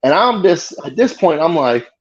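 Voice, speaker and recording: A man, a guest comedian, telling a story in casual chat with lively, freely swearing delivery. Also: a little high, moderate pace, lo-fi sound. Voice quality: animated retelling, swearing freely.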